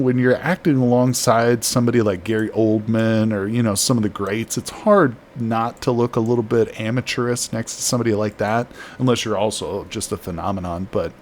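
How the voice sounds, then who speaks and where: A man's voice: on the low side, slight background noise. A man chatting casually while streaming a colony game, reading chat aloud and laughing easily. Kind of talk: casual live-stream commentary.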